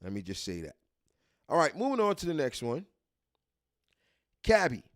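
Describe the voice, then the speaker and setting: A man's voice: fairly high pitch, huge pitch swings, moderate pace. A man from New York with a New York accent, hosting a live stream and chatting casually, repeating himself and restarting his sentences. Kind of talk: casual commentary reading a list.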